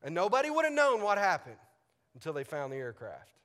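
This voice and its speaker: Male pastor, fairly high bright voice, lively storyteller, big reverberant hall. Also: a little fast. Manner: animated storyteller, acts out radio dialogue, laughs often. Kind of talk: sermon with personal story.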